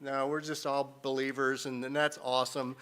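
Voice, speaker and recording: A man's voice: medium pitch, level tone, moderate pace, fairly bright tone, smooth. A middle-aged man, a missionary speaking to a church, telling jokes and rambling happily in a conversational way. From northern United States. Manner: joking, rambling, self-deprecating.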